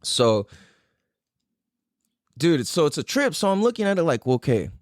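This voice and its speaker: A man hosts a podcast and tells a personal story in loose, casual speech, with plenty of "like," "dude" and swearing. His pitch rises and falls a lot as he acts out his own past reactions. The recording is dry and close. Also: sing-song, normal speed, no echo. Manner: loose and profane, full of "like" and "dude". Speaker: podcast host.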